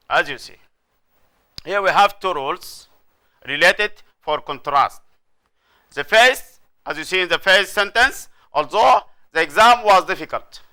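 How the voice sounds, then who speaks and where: Male teacher from Sudan, middle-aged; smooth, deliberate classroom delivery. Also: high-pitched, pushed and bright. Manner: slow, repetitive, explanatory delivery with frequent checks for understanding. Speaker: English teacher. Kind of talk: classroom grammar lesson.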